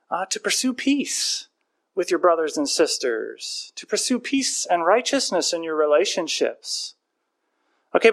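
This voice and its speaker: A man's voice: sits high, fairly bright tone. A man in his thirties, a pastor preaching a sermon in a conversational, storytelling way with self-mocking humor.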